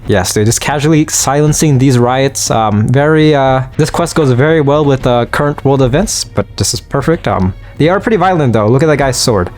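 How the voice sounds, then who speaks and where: A man's voice: medium pitch, a little mellow. A young man giving offhand, casual commentary over a game, muttering reactions and the odd swear. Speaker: let's-play gamer.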